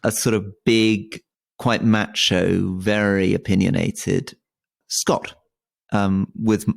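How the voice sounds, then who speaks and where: A man's voice: fairly low pitch, level tone, slow pace, vocal fry. A man in his forties from Britain, co-hosting a casual conversation and often stammering and restarting his words. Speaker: podcast co-host.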